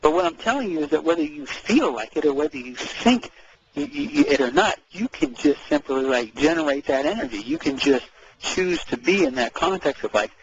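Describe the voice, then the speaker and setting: A man chatting casually as co-host, animated, repeating words and acting out quoted speech. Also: fairly high pitch, brisk, muffled recording, a little hiss or hum. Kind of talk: casual conversational chat.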